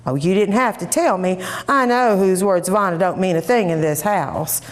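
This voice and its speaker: A woman's voice: medium pitch, moderate pace, lightly acted. A spoiled, snippy young woman talks back with sarcasm and a superior air, as a woman reading a short story puts her on. She sounds put out and pleased with herself at once.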